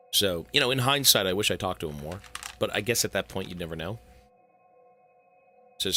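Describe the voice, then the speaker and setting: Rambling, profane male streamer with a bright voice. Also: lowish voice, animated, a little fast, long pauses, faint music behind. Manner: rambling, profane, talks to chat. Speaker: game streamer. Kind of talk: casual live-stream chat.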